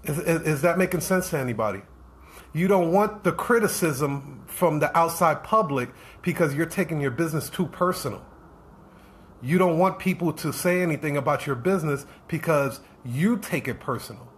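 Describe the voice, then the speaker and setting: A man's voice: fairly high pitch, animated, normal speed, a little hiss or hum. A man giving a motivational business talk on a live stream, firing off rhetorical questions and repeating himself as he pushes his point. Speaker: business coach.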